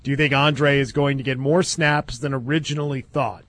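A man's voice: mid-range voice, fairly even intonation, normal speed, fairly bright tone. A man hosting a sports talk radio show, steering the talk and reading listener emails and the call-in number.

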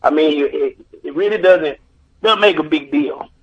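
A man's voice: fairly high pitch, moderate pace, slightly rough. A man calling into a sports radio show, rambling with many fillers. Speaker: caller. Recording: dull lo-fi phone line.

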